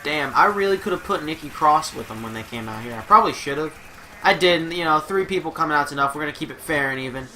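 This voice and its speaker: A man's voice: a little high, quick pace, sharp tone, a little hiss or hum. A man giving casual, rambling gameplay commentary on his own, profane and joking, with asides to his dog. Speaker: video game commentator.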